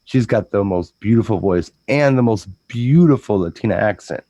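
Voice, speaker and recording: This DJ has a lowish, dark, expressive voice captured in a dry recording. Talking casually, he wanders into stories, repeats himself, and tosses off quick impressions along the way.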